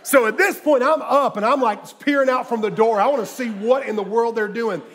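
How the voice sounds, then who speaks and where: A middle-aged man preaching a sermon, telling jokey stories and swinging from quiet asides to loud bursts. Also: extremely high pitch, a little fast. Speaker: guest preacher. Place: church sanctuary with live audience.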